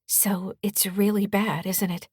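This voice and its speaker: A woman's voice: mid-range voice, flat delivery, measured pace, a little mellow, slightly rough, no echo, studio quality, voice pushed up. A woman voicing an emotional, determined grown daughter who speaks insistently. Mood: worried.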